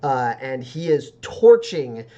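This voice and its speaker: Male game master, mid-pitched, loose, rambling scene narration. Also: very animated, slow pace, mellow, muffled recording. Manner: rambling, filler-heavy description.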